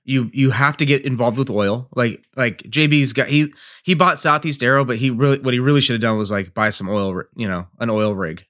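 A man's voice: mid-range voice, brisk, fairly bright tone. A man co-hosting a casual podcast, a flight instructor who laughs easily and talks loosely with some swearing.

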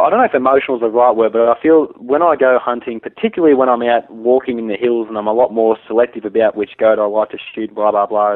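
A man's voice: medium pitch, dry recording. A man, a hunter guest talking casually and opinionatedly, with many restarts. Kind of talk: casual conversation. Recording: tinny phone line.

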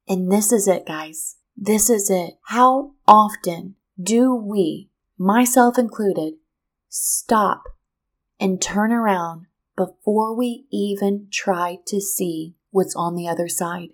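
A woman hosting a podcast, telling a personal story in a lively, expressive way and drawing a motivational lesson from it. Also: mid-range voice, slow. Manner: lively, expressive storyteller who acts out what people said. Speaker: podcast host.

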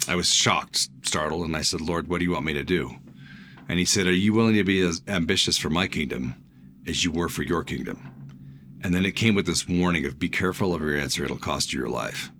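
An older man delivers a sermon in a very deep, low voice. He preaches with earnest reflection, sharing a personal story at an unhurried pace. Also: a bit bright. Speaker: pastor.

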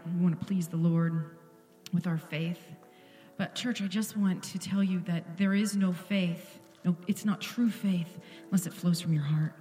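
A woman's voice: lowish voice, warm tone, reverberant, in a large hall. A woman pastor giving an earnest, intimate sermon in a church, at times dropping to a whisper. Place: church sanctuary.

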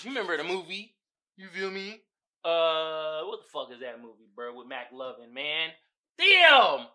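A man hosting his own podcast, talking casually and profanely, often breaking into loud laughing outbursts. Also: a little high. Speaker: podcast host. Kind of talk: casual solo podcast talk.

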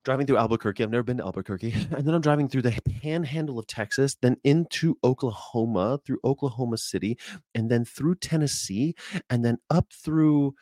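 An American man doing casual live-stream commentary, animated and jokey, putting on voices and laughing often. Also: mid-range voice, brisk, no echo, clean studio sound. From United States. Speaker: streamer reacting to a video.

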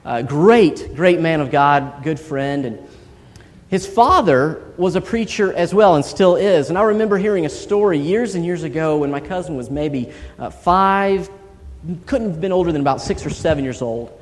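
A man's voice: fairly high pitch, moderate pace. A man preaching a sermon in church, telling stories and acting out quoted voices. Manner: storytelling, animated quoted voices. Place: large church hall. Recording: long hall reverb.

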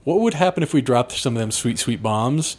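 Brief: man, expressive voice, joking podcast host. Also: medium pitch. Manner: playful, questioning, quick with jokes. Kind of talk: casual chat.

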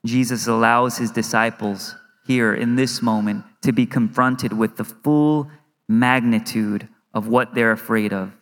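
A man in his thirties, a pastor giving an earnest, conversational sermon in a church, now and then acting out inner worries in quick asides. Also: medium pitch, fairly even intonation, fairly bright tone. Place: church sanctuary. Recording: reverberant hall.

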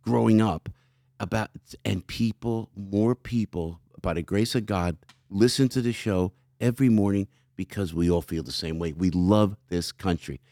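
Animated storytelling male comedian guest. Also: fairly low pitch, moderate pace, no room sound, studio quality. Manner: acts out quoted voices, laughs often, emphatic. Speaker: guest, radio talk show host and comedian. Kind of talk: animated anecdote telling in conversation.

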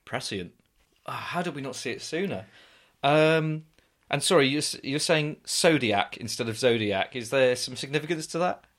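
Guy on a comedy podcast, dry and bemused, bright voice, really bouncy pitch. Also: lively intonation, normal speed. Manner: dry, bemused, playing the skeptic. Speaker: podcast co-host.

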